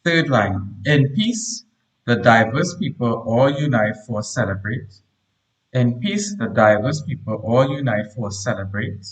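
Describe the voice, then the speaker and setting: A man leads a live online grammar lesson at a middle pitch, reading sentences aloud and repeating them slowly before he explains them. He talks into a computer mic and speaks straight to his pupils in the chat. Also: rough recording. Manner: reads each line aloud and repeats it slowly. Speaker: primary school teacher.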